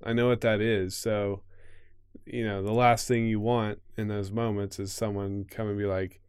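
Male podcast co-host, low smooth voice, halting and supportive, dry sound. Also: flat delivery, darkish tone, no room sound. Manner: halting, many fillers and restarts, supportive. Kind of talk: casual podcast chat.

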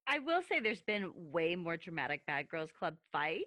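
A woman's voice: on the low side, big pitch swings, moderate pace, fairly bright tone, no room sound. A young woman co-hosting a casual podcast, chiming in with wry jokes. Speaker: podcast co-host. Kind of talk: casual chat.

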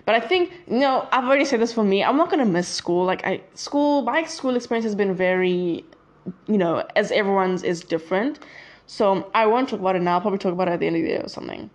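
A woman's voice: medium pitch, animated, fast, lo-fi sound. A teenage girl talking casually to her viewers in a chatty, rambling way that often drifts off track. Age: teens. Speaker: vlogger. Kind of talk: casual chat to camera.

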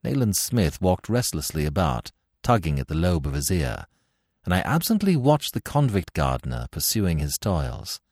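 A man reads a classic story aloud in a measured, expressive storytelling manner. His voice is very deep yet lively in pitch. The recording is close and dry. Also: dry recording. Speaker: narrator. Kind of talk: dramatic audiobook reading.

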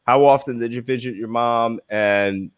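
A man's voice: mid-range voice, moderate pace, smooth. A man with a Brooklyn accent hosting a casual podcast interview, asking questions hesitantly with many fillers. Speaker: podcast host.

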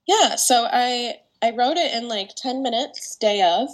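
A young woman with a morning voice, a guest singer-songwriter chatting casually in a podcast interview, full of "like" and "um" and quick laughs. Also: a little high, animated. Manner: chatty, laughs often, many fillers like "like" and "um".

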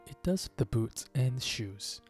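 A man voicing a solemn, impatient griffin creature in a storybook reading, with a deep voice. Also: measured pace, dark tone, soft background music, close to an everyday voice.

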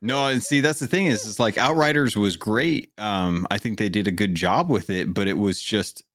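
A man's voice: on the low side, normal speed, fairly bright tone, dry recording, studio quality. A man hosting a gaming podcast, talking casually and rambling with many restarts. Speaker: podcast host. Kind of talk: casual chat.

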